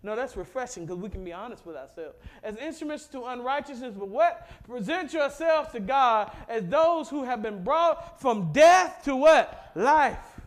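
A middle-aged man from Mississippi delivers a sermon in a strikingly high voice. He leads the congregation in call-and-response and swells from quiet, low asides to loud, fervent exhortation. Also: animated, moderate pace, hardly any pauses. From Mississippi, USA. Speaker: pastor.

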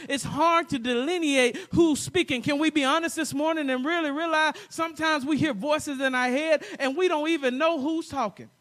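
A man preaching a sermon as pastor, asking the congregation rhetorical questions and building to shouted, emphatic peaks. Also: extremely high pitch.

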